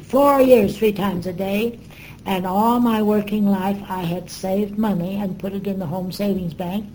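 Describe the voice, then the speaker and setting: Older woman with a mellow voice. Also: mid-range voice, fairly even intonation, a little hiss or hum, poor audio. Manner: reflective, earnest storytelling with pauses and fillers. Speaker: interviewee. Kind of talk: recounting memories in an interview.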